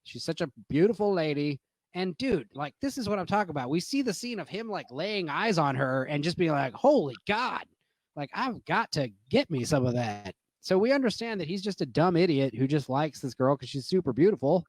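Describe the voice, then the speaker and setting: A man's voice: on the high side, lively intonation, fairly quick, a little mellow, no room sound. A drunk man giving a rambling, profane movie rant, full of fillers and restarts. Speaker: movie reviewer.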